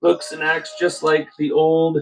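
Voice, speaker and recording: A man hosting a casual podcast, reading posts aloud with relaxed, jokey asides. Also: on the high side, a little slow, gravelly, slight background noise, rough recording. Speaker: podcast host.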